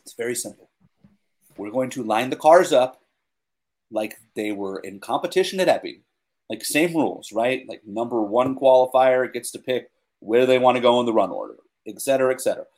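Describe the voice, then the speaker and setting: A young man co-hosting a casual podcast chat. He talks eagerly and loosely, stacking up fillers and restarts as he goes. His voice sits at an ordinary middle pitch. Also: darkish tone. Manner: enthusiastic, filler-heavy, says like and dude a lot. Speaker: podcast co-host.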